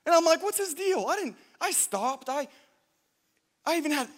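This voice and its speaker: A man delivers a sermon in a high voice, telling stories with plenty of restarts and jokes. His voice carries a long reverb, as if it fills a church hall. He is animated and lightly comic, then earnest. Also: moderate pace. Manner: animated, jokey, self-interrupting. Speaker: pastor. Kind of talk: sermon with storytelling.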